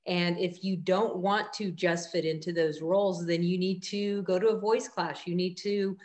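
Low-voiced woman hosting an interview. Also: fairly even intonation, moderate pace, darkish tone. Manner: engaged, asks follow-up questions. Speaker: interview host. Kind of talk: conversational interview.

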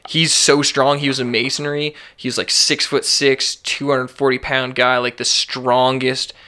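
A man's voice: mid-range voice, flat delivery, a little slow, pushed and bright. A man hosting a casual podcast, talking in a laid-back, slangy way with lots of "like". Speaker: podcast host.

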